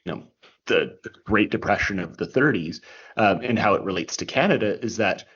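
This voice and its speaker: Low, husky man explaining history. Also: lively intonation, brisk, fairly bright tone. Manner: restarts often, tags points with "right?". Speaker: history podcast co-host. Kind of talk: casual explanatory chat. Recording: dull lo-fi recording.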